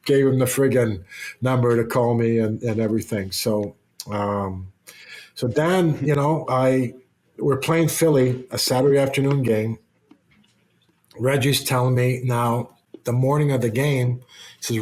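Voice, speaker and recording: A man, a former hockey player, spins a long casual anecdote in a podcast interview. He circles back on himself, restarts his sentences and lets the odd swear word slip. His voice sits at an ordinary middle pitch for a man. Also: measured pace, long pauses, darkish tone.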